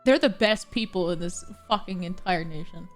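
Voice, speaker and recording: A woman streaming a video game, chatting excitably and swearing freely as she reacts. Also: fairly low pitch, moderate pace, soft background music. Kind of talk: casual gameplay commentary.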